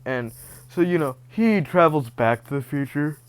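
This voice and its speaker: A man's voice: fairly high pitch, expressive, normal speed, smooth, no room sound. A young man rambling through a casual retelling of a story, with lots of fillers and asides. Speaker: channel host.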